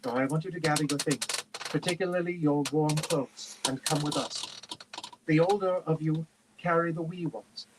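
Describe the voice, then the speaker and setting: A man voicing a gentle, motherly woman who speaks softly and coaxingly to children. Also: a little high, moderate pace, very noisy, pitched above the performer's own voice, lightly acted. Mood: soothing. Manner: soft, coaxing.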